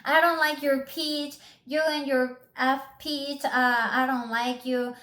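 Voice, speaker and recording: This is a hostile, threatening woman stranger, as a storyteller puts her on. She drags her words out slowly and repeats her threats in a darker, lower tone. The sound bounces around an echoey room. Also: flat delivery, fairly bright tone.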